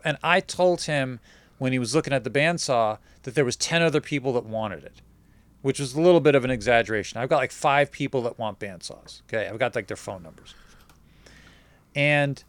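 A man's voice: medium pitch, brisk, dry recording. A man hosting a casual show, telling a rambling story full of quoted back-and-forth dialogue.

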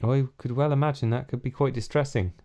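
A man's voice: mid-range voice, steady tone, fairly quick, warm tone, natural voice. A man playing a polite, inquisitive young squire with a West Country accent, asking courteous questions. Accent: West Country English.

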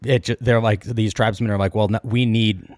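Male podcast co-host, lowish voice, dry close mic, chatty retelling with quoted asides. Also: a little fast, no echo. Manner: animated retelling, quoting characters in passing. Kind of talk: casual storytelling chat.

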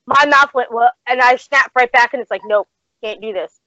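Woman guest, raised pitch, brash and foul-mouthed storyteller, dry dull call audio. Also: normal speed, bright, forceful tone, no echo. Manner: brash, swears freely, acts out quoted lines. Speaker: guest, former wrestling manager. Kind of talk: casual storytelling on a podcast.

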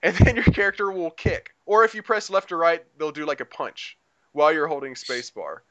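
A man with a fairly high, smooth and resonant voice talks through a game in loose, rambling casual chat, full of fillers and restarts. The recording is dull and lo-fi. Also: fairly quick, fairly bright tone. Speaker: podcast co-host reviewing a game.

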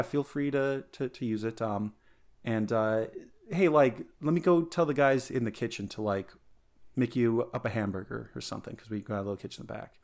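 A man's voice: mid-range voice, brisk. Male podcast co-host, loose rambling storyteller who slips into character voices. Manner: rambling, frequent restarts, voices characters in the joke. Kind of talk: casual chat, telling a joke.

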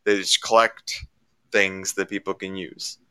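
A man from Canada with a very bright, crisp, smooth voice in casual conversation. He tells his story with lots of stammering restarts and repeated words, climbing higher when he gets worked up. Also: little pitch movement, measured pace. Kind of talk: casual chat.

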